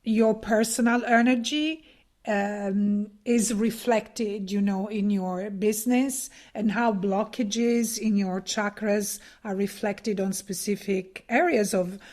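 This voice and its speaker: A woman's voice: medium pitch, steady tone, slow pace, a little mellow. A woman in her fifties hosting a podcast, speaking thoughtfully with a lot of fillers. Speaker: podcast host. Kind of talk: casual podcast conversation.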